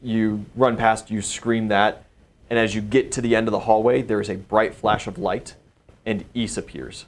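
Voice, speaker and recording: A man narrating a tabletop game as game master, describing scenes at an unhurried pace. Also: fairly low pitch, level tone, a little hiss or hum.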